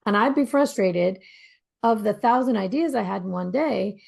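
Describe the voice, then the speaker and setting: A woman co-hosting a casual conversation, explaining things in a calm way. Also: mid-range voice, moderate pace, creaky, breathy edge.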